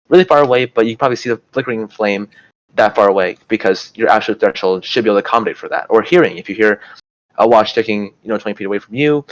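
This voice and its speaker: A man's voice: fairly low pitch, rough recording. A young man giving a casual, rambling study lecture, full of fillers like "you know" and "like", and restarting his sentences often. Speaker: student tutor.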